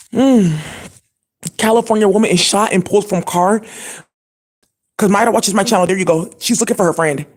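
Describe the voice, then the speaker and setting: A channel host speaking in a profane, scattered and indignant monologue to the camera, with many fillers. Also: mid-range voice.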